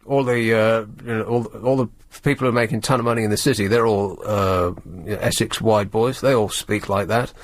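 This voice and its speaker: A male radio host, talking in a sardonic, rambling, halting way in the studio. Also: lowish voice, fairly even intonation. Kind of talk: late-night talk radio monologue.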